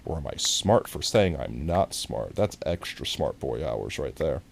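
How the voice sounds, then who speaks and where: Streamer guy: low, gravelly, lively, jokey and self-mocking, some hiss on the mic. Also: a little slow. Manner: playful, self-mocking, rambling. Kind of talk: casual gameplay commentary. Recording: noisy stream recording.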